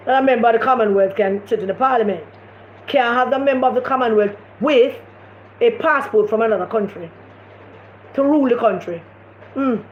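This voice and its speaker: A woman's voice: on the high side, moderate pace. Impassioned Jamaican woman on a live stream. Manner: impassioned, repetitive, emphatic. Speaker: political commentator hosting a live stream. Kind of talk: casual live-stream commentary. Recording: echoey room, dull lo-fi sound, faint noise.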